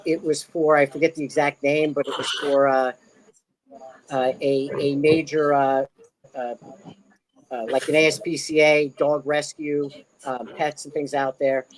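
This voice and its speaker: A man's voice: a little high, poor audio. A middle-aged man from Maryland, a podcast guest telling stories in a rambling, casual way. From Maryland, USA. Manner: rambling, with many fillers and restarts. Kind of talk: casual storytelling chat.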